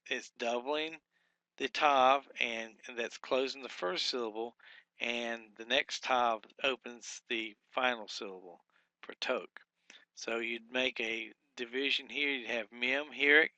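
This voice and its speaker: A man walks through a workbook lesson one step at a time, thinking aloud and slowly sounding out each syllable. His voice is bright and forward at a middle pitch. The recording is close and dry, with no room sound. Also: dry recording. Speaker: Hebrew teacher.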